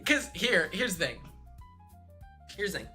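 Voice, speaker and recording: Bright-voiced young man telling a story. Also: high-pitched, unhurried, soft background music. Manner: rambling, animated, heavy use of "like". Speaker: streamer. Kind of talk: casual storytelling on a livestream.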